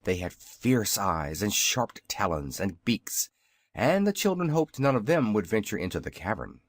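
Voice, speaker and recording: A man narrating a children's audiobook in a measured, expressive reading style. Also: on the low side, no room sound, studio quality. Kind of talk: scripted narration.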